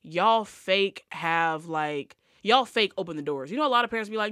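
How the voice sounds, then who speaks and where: A woman comedian chatting as a podcast guest, rambling through stories with many "like"s. Her voice is bright and forward, recorded close with almost no room sound. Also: medium pitch, lively intonation, moderate pace, hardly any pauses, no echo. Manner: loose, storytelling, lots of "like". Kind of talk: casual podcast chat.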